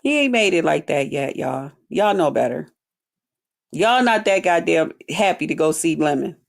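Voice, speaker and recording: This livestream host has a deep, creaky voice and sounds animated at a normal speed. She bluntly rants to chat in a profane commentary, using mocking drawled quotes.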